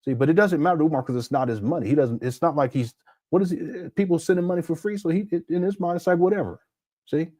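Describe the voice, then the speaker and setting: A man's voice: fairly high pitch, quick pace, warm tone, no echo, studio quality. A man hosting a critical livestream commentary, reading chat aloud and breaking into laughter, his throat sore. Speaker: commentary host.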